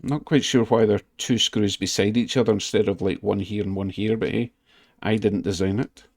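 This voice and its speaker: A man's voice: lowish voice, steady tone, fairly quick, darkish tone. A man giving a chatty step-by-step repair tutorial at his hobby workbench, with easygoing asides. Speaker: model railway hobbyist.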